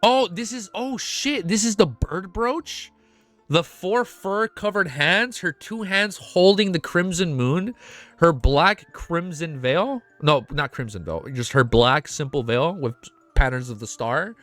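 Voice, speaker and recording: A man reacting live on stream, excitable and emotional, cursing often as he talks to chat. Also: fairly high pitch, measured pace, faint music behind. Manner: excitable, swears a lot, emotional. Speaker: streamer reacting to web novel fan art.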